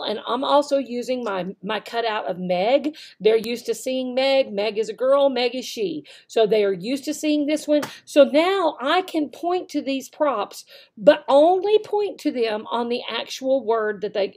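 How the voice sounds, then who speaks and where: A woman giving tips on teaching English online, acting out example phrases in a slow, exaggerated teacher voice. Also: on the high side, darkish tone. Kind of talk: instructional talk to camera with demonstrations.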